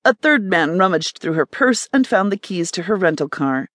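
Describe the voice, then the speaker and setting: A woman narrating a romance thriller audiobook in an expressive, scripted reading. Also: on the low side, moderate pace, no echo, studio quality.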